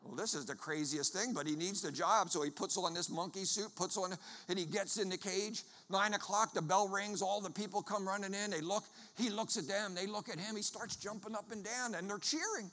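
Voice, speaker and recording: Man, high bright voice, traveling preacher, joking storyteller sermon, long church-hall reverb. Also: a little fast, few pauses. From Philadelphia area. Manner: lively storyteller, jokes with the crowd. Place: church before a congregation.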